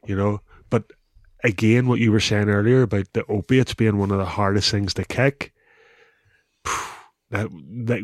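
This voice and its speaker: A man's voice: fairly low pitch, no echo, clean studio sound. Northern Irish man telling a wild story. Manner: animated storyteller, says "bro" and "wee", laughs often. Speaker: guest, former rugby player. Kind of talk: casual storytelling interview.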